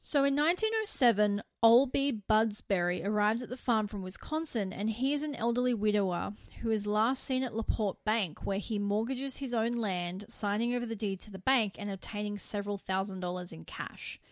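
A woman co-hosting a casual podcast, narrating a true-crime case with animated, incredulous asides. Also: mid-range voice, normal speed, hardly any pauses, dry recording, clean studio sound.

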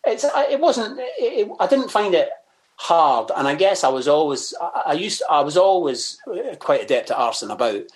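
A man's voice: fairly high pitch, very animated, moderate pace. Rambling Scottish man, easygoing. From Scotland. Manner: rambling, hesitant, many fillers and restarts; swears freely, self-mocking. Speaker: guest. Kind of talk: casual interview chat.

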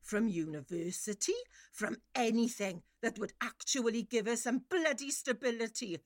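A woman's voice: on the high side, moderate pace, no echo, clean studio sound, natural voice. A woman playing a furious grieving mother. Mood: enraged. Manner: shouting, tearful accusations. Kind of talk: audio drama acting.

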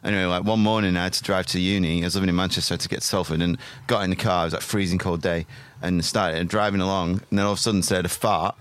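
A man's voice: deep voice, steady tone, racing, no room sound. A man hosting a podcast, telling stories in casual chat, brash and swearing freely.

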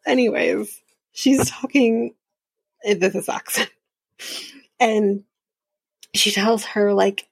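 Woman podcast host, gravelly and husky, close dry mic, sarcastic and swearing freely through a casual TV recap. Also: medium pitch, extremely slow, long pauses, no echo. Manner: profane, sarcastic storytelling with frequent laughs.

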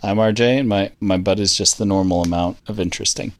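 A man's voice: on the low side, steady tone, fast talker. A man co-hosting a podcast with his brothers, teasing and sarcastic in casual banter. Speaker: podcast co-host.

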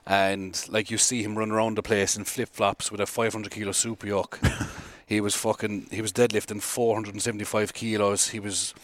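A man's voice: lowish voice, level tone, normal speed, few pauses, no echo. An Irish man chatting as a podcast guest, telling rambling anecdotes, laughing often and swearing freely. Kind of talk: casual podcast chat.

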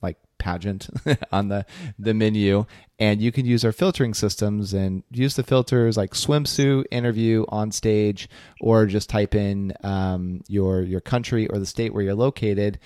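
A man co-hosting a podcast, telling a story in a relaxed, chatty way with fillers. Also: fairly low pitch, measured pace, dry recording, studio quality. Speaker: podcast co-host. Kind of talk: casual podcast chat.

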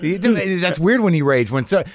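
Host: man with a raised pitch, dry close sound, blunt and jokey interviewer. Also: expressive, moderate pace, no echo. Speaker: podcast host. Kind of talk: casual interview conversation. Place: his garage studio.

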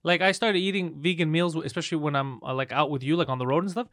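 A man co-hosting a podcast in casual, profane comedic banter, joking quickly with his friends in a studio. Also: on the high side, fairly even intonation, a bit bright, dry recording. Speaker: podcast co-host. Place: studio with microphones.

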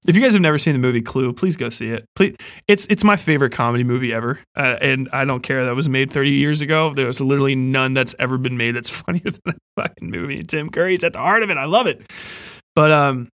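A man's voice: mid-range voice, animated, brisk, a bit bright, no echo, studio quality. A young man hosting a casual horror review chat, rambling, swearing a lot and laughing often. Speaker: podcast host.

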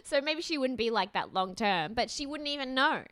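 Bright, clear-voiced chatty woman. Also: sits high, animated, moderate pace. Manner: chatty, laughs often, many fillers. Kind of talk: casual chat recapping a TV show.

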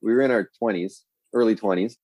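A man's voice: fairly low pitch, a little fast, a little mellow, slightly rough, no echo, rough recording. Profane rambling storyteller man, dry sound. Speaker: guest. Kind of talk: casual storytelling chat.

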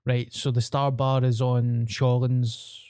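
Deadpan glasgow guy on a podcast, swears a lot, mellow voice, dry close sound. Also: mid-range voice, slow, smooth, no echo. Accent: Glaswegian. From Scotland. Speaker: podcast co-host. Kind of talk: casual chat.

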